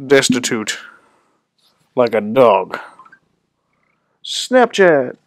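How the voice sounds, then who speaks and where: A man's voice: mid-range voice, moderate pace, dry recording, studio quality. A young man rambling in a casual vlog, self-deprecating, at a home setup with a desk microphone. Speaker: host.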